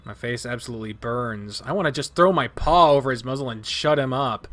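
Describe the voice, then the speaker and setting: A man reading a visual novel aloud as its narrator, expressive and dramatic, breaking off for his own asides. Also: mid-range voice, brisk.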